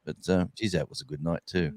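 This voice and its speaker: A man's voice: low-pitched, steady tone, brisk, darkish tone. A man with an Australian accent telling a rambling story in a casual chat, full of fillers and restarts. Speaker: guest musician.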